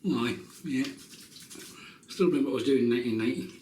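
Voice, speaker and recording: A man's voice: medium pitch, quick pace, a little mellow, distant mic. A man in his fifties, chatting casually and joking at himself while he shaves at home. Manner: chatty, joking, self-mocking asides. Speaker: shaving vlogger. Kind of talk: casual chat while shaving. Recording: roomy, off-mic, faint noise.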